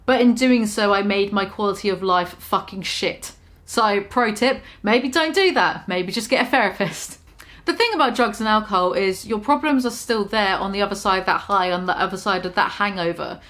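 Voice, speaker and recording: A woman's voice: mid-range voice, normal speed, fairly bright tone. A young British woman vlogging casually, talking frankly and with self-mocking humour about staying sober. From Britain. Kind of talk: casual confessional vlog.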